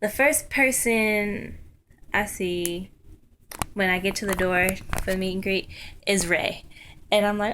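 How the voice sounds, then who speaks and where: A young woman tells a story to a webcam in a chatty, excited way, full of ums and likes. Her voice is bright and forward. A faint hiss sits under the recording. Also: medium pitch, a little slow, pauses often. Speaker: vlogger. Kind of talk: casual storytelling vlog.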